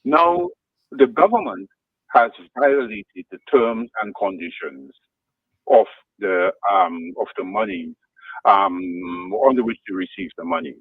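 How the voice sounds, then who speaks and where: On a radio talk show, a man poses careful, deliberate leading questions, his pitch rising and falling in a lively way. The recording is dry, with a narrow, phone-line quality.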